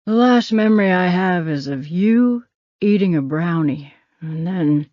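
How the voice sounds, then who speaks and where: A man's voice: sits high, lively intonation, measured pace, no echo, muffled recording. A woman voicing a teasing, wry older man who is a hospital patient.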